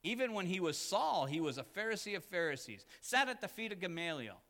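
A man preaches in a church, his fairly high voice carried by a long hall reverb. He swings between loud, emphatic peaks and hushed, intimate asides. This is full sermon delivery. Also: big pitch swings, brisk, few pauses. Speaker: pastor.

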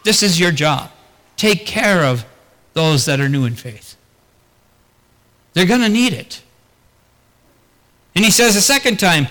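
A man's voice: high voice, sing-song, unhurried, long pauses, fairly bright tone, in a large hall. A man preaching a sermon as pastor, talking earnestly and putting rhetorical questions to the congregation.

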